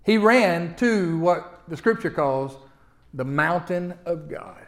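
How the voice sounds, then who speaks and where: A man preaches a folksy sermon. His voice sits fairly high, rises loud at the peaks and drops to a near hush. He often stumbles over his opening words and repeats them. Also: lively intonation, slow pace. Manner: folksy preaching with big swings from loud to hushed; repeats words when starting sentences. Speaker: pastor.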